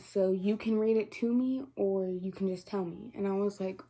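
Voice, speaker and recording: A woman's voice: medium pitch, fairly even intonation, moderate pace, hardly any pauses, dark tone. A teenage girl vlogging, chatting through a personal story with lots of "like" and quoted dialogue, close to crying. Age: teens. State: near tears. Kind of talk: casual storytelling to camera.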